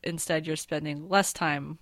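A woman's voice: deep voice, steady tone, measured pace, fairly bright tone, no room sound. A woman co-hosting a podcast, casually talking through a story's structure and thinking aloud. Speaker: podcast co-host. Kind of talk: casual chat.

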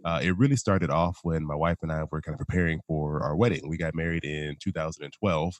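A man's voice: a bass voice, fairly even intonation, quick pace, no room sound. A man being interviewed over a video call, telling his own story in an easygoing way with light self-mocking humor. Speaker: podcast guest. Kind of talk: casual interview chat. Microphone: remote video call.

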